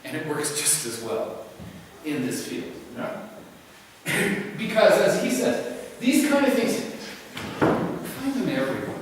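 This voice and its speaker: A man's voice: high-pitched, slow pace, background noise. A man giving a live lecture, telling stories in a loose, digressive way with many fillers. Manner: animated, digressive storytelling with many "you know" fillers. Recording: echoey hall, speaker far from mic.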